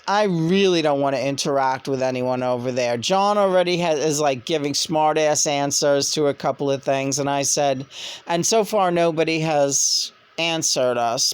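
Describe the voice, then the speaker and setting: A woman vlogs in a casual monologue, telling stories in an animated way. She rambles and restarts often, and her voice is smooth and clear. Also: deep voice. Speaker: vlogger and spirit medium.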